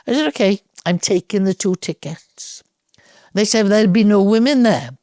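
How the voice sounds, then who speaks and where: An older woman from Wales with a Welsh accent, a podcast guest telling lively anecdotes and acting out the dialogue. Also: mid-range voice, moderate pace, dry recording, clean studio sound. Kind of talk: storytelling in a podcast interview.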